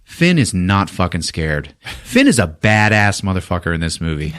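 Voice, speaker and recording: A man hosting a podcast, retelling a film in a casual, profane and animated way. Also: sits low, moderate pace, smooth. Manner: animated, swears often, acts out quotes in silly voices. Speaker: podcast host recapping a film. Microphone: podcast mic.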